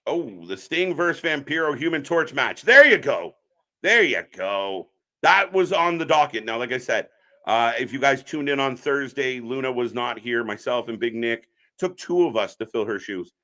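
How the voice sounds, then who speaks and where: A man with a bright, forceful voice gives casual live wrestling commentary on a stream. He chats with viewers and breaks into loud reactions at big moments. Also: mid-range voice, normal speed. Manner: chatty, reacts loudly to the action.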